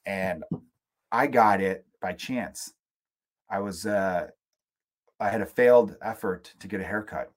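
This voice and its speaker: Male podcast host from the US, solo rant, profane, animated, sarcastic. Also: lowish voice, unhurried, long pauses. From United States.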